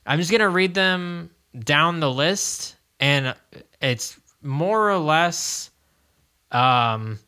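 A young man with a bright, forceful voice, co-hosting a podcast. He talks casually and rambles, with jokes along the way. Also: on the high side, lively intonation, extremely slow, clean tone. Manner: rambling, jokey, laughs often. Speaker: podcast co-host. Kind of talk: casual chat.

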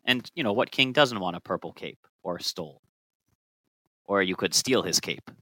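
A man's voice: low-pitched, expressive, normal speed, bright, forceful tone, no echo, low-quality recording. A man co-hosting a casual podcast, telling chemistry history in a playful, joking way. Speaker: podcast co-host.

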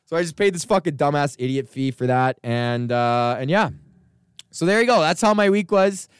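A comedian rants his way through a story about his week, swearing freely and doubling back as he goes. His voice sits a little high and sounds smooth and resonant. The close mic gives a dry, dead sound. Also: moderate pace, no echo. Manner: profane, rambling, animated storytelling. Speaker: comedian podcast host. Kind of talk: casual ranting monologue.

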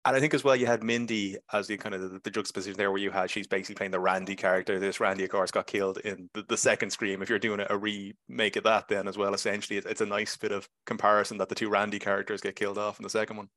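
A man hosting a podcast, talking in a quick, wry, dry-humored way in casual chat. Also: on the low side, flat delivery, a bit bright, dry recording. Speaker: podcast host. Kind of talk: casual film review chat.

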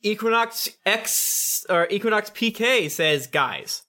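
A man runs a tabletop game and reads listener reviews, joking and laughing with his friends. His voice is bright and forward. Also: high-pitched, animated, takes it slowly. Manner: laughing, loose banter. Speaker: game master.

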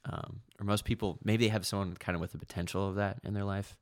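A young man hosting a casual faith discussion, talking haltingly with many fillers and restarts. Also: fairly low pitch, fairly even intonation, dry recording, clean studio sound. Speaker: podcast host.

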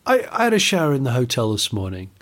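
A man co-hosts a relaxed podcast and jokes his way through playful, mock-indignant rants. His voice sits in a middle register but swings widely in pitch. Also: fast. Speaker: podcast co-host. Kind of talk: casual chat.

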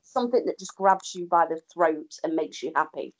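Woman co-host, low-pitched, calm and thoughtful. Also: moderate pace. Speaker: podcast co-host. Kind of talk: casual chat.

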